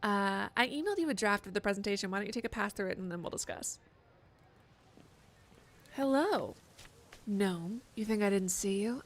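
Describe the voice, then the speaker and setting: A woman's voice: mid-range voice, animated, moderate pace, pauses often. A woman streaming a game live, chatting and joking sarcastically while she plays. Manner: chatty, sarcastic, swears a lot. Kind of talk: live gameplay commentary.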